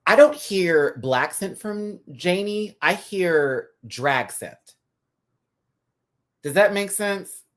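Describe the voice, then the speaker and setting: A man's voice: lively intonation, very slow, fairly bright tone. Sassy man hosting a live review. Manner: sassy and chatty, full of drag slang; laughs often, dramatic pitch swings. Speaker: host reviewing a TV episode live. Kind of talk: casual live-stream review.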